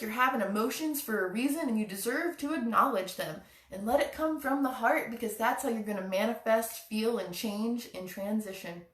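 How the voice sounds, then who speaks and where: A woman's voice: fairly high pitch, distant mic. A woman hosting a live-streamed spiritual challenge, talking to her viewers in an earnest, encouraging way. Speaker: chakra challenge host. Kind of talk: live-stream motivational talk. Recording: echoey room, away from the mic.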